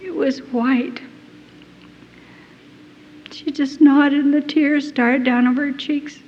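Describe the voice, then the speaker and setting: A woman giving a personal testimony, telling her story in an earnest, halting and deeply moved way. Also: steady tone, a little mellow. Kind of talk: emotional first-person storytelling. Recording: dull lo-fi recording in a reverberant hall.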